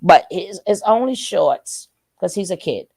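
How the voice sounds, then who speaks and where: A woman with a raspy, nasal voice, chatting loudly and boisterously as a guest on a live stream, calling in without video. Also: lowish voice, very animated, measured pace, dry recording. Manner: loud, boisterous, hypes others up. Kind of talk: casual live-stream chat. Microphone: phone or call audio, no video.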